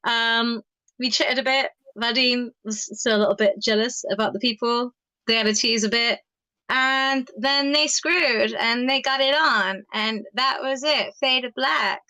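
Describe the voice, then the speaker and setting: A woman's voice: on the high side, measured pace, sharp tone, no echo, rough recording. Chatty woman recapping her character, dry sound. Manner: chatty, casual, swears in quoted asides. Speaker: tabletop game player. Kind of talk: casual recap of a vampire campaign.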